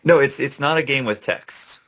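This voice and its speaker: A man's voice: mid-range voice, normal speed, a bit bright. A young man co-hosting a casual gaming podcast, rambling and laughing often. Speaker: podcast co-host. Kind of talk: casual chat.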